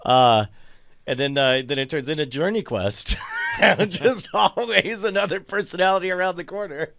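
A man's voice: fairly high pitch, animated, moderate pace, vocal fry, fairly bright tone. A man in a casual podcast chat, playful and laughing often.

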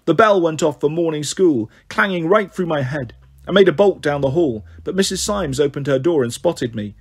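Husky man reading a children's novel. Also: fairly high pitch, expressive, moderate pace. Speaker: storyteller.

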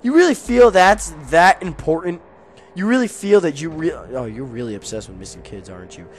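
A young man giving casual, jokey commentary while playing a video game, often yelling at enemies. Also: a little high, fairly quick, a little hiss or hum. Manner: excitable, jokey, yells at enemies. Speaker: gaming YouTuber.

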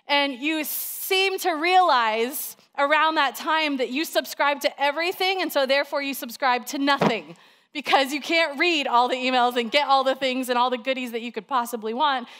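A woman in her thirties, a pastor, preaching a sermon in a chatty, animated storytelling way with lots of fillers. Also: high-pitched, smooth.

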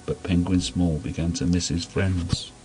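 A man gently reading a children's story aloud in an unhurried storybook manner. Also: sits low, steady tone, faint music behind, poor audio.

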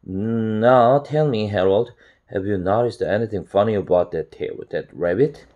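A man's voice: fairly low pitch, unhurried, a little mellow, lo-fi sound. A man with a Korean accent voicing a smug, scheming pet cat who lectures and teases, in a storybook read-aloud. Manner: lecturing, teasing.

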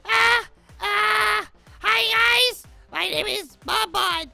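A woman voicing a male bunny puppet magician with a squeaky, raspy, childish voice, whining and stammering. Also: drawn-out words, loud music behind the voice, exaggerated voice. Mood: whiny. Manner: whining and stammering, near tears.

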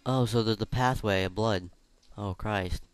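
A man playing a video game and chatting about it in casual commentary, swearing freely and reacting loudly. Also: lowish voice, unhurried, smooth, dry recording. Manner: reads game dialogue aloud in between remarks. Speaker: let's player.

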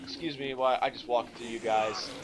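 A young man giving casual, profane commentary while playing a video game. He talks to himself in a low, offhand voice and keeps breaking into shouts at the enemies. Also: steady tone, normal speed, heavy background noise. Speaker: let's play gamer.

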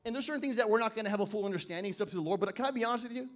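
A male pastor preaching a sermon at a church service. He swings between loud emphatic declarations and quiet joking asides, and reads scripture slowly and deliberately. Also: sits high.

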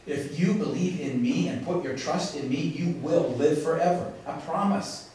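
A man preaches with emphasis and dramatic pauses, his voice sitting a little high. He is picked up from a distance in a church, and the sound rings with heavy echo. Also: warm tone, slight background noise. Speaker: pastor. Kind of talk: sermon. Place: church sanctuary. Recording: echoey, from far off in a large room.

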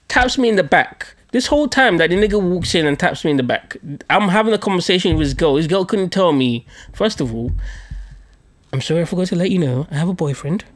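A man hosting a podcast, telling a story in a casual, profane, self-mocking way. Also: high-pitched. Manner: animated, profane, laughing at himself. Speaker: podcast host.

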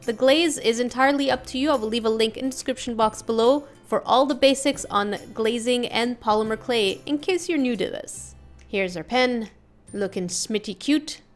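Woman, craft tutorial host, casual voice-over, playful asides, higher voice. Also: moderate pace, soft background music.

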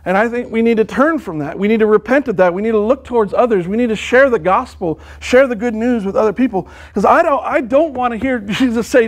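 High-voiced earnest male preacher. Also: a little fast. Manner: earnest, repeats words and restarts often; quotes scripture at length. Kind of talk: sermon.

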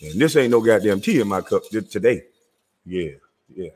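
A man with a Southern US accent hosting his own show in a loud, animated, profane rant, often laughing as he talks. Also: on the low side, moderate pace, slightly rough, big-room sound. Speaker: show host.

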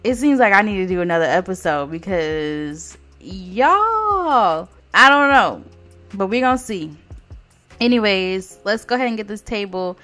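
A woman's voice: mid-range voice, lively intonation, unhurried, fairly bright tone, soft background music. A woman casually commentating her life simulation gameplay, sassy and profane, chatting straight to her viewers. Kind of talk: casual let's play commentary.

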